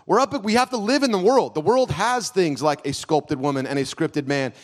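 A male pastor preaches a sermon in a church hall at normal speed. He alternates between loud, raised, emphatic stretches and quiet, low, close asides.

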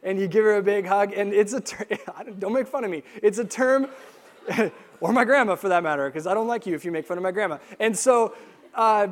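A young man preaching a sermon, telling a lively story and acting out the quotes. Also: high-pitched, brisk. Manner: animated storytelling with acted-out quotes. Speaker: pastor.

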